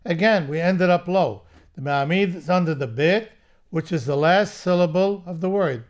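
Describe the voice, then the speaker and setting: A man teaching how to chant scripture verses, patiently explaining each rule step by step and then chanting the examples slowly. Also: high voice. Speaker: cantillation teacher. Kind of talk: slow spoken lesson with chanted examples.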